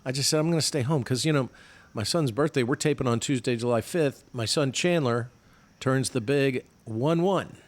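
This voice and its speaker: A man's voice: medium pitch, normal speed. A middle-aged man co-hosting a podcast remotely, telling stories in casual chat with self-mocking humor. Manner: chatty, self-mocking storyteller. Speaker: podcast co-host. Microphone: remote podcast mic.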